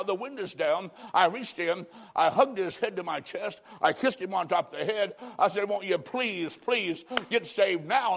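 A man preaching an evangelistic sermon, telling a story and pleading with dramatic swings between loud and hushed. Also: high-pitched, gravelly.

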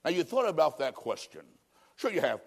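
A man preaching with a fairly high voice, telling his own story in plain words. He pleads with his listeners and swings between emphatic peaks and hushed, intimate moments. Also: sing-song, a little fast, gravelly, slightly rough. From American Midwest. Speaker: evangelist preacher. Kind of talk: sermon with personal testimony.

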